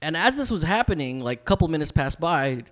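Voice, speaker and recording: A man co-hosting a casual podcast, telling a story in an animated way and acting out the people in it. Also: fairly high pitch, fast. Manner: animated, acts out quoted people. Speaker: podcast co-host.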